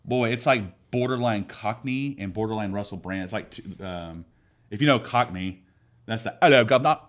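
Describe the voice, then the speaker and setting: Man, podcast co-host, slightly low voice, chatty, opinionated, rambling restarts. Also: normal speed, a bit bright. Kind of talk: casual chat.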